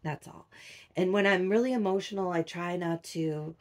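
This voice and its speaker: A middle-aged woman, chatting casually to her viewers in a soft, rambling way with many fillers. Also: on the low side, normal speed. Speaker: doll collector vlogger. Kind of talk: casual chat to camera.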